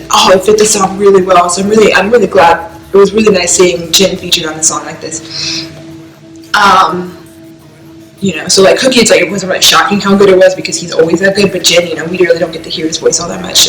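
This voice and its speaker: A young woman from the US East Coast rambling through an emotional reaction vlog, filling her talk with "like". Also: fairly low pitch. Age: young adult. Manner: rambling, heavy use of "like", emotional. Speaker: vlogger reacting to music. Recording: echoey room.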